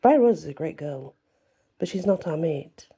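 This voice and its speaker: Woman storyteller, soft ASMR narration; low, husky and dark, calm measured delivery.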